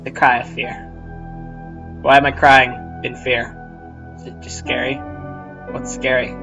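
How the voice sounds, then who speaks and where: A man giving casual, rambling, self-mocking let's-play commentary at home, with sudden loud outbursts. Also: medium pitch, lo-fi sound. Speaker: gamer. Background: game music.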